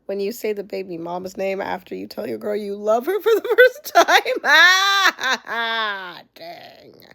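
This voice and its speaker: A young woman vlogger casually reacting to a TV show, animated, exclaiming and laughing often. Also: mid-range voice, fairly quick, gravelly, low-quality recording.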